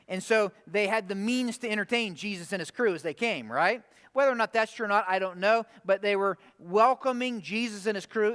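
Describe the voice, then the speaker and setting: A man preaching a conversational sermon, animated, often asking the room rhetorical questions. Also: sits high, clean tone. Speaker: pastor. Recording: long hall reverb.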